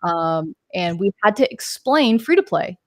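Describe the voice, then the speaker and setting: A woman's voice: mid-range voice, sing-song, measured pace, dry recording, clean studio sound. A woman in her forties, a podcast guest telling her career story in a chatty, rambling way with tangents and fillers. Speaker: podcast guest, games marketer. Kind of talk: casual interview storytelling.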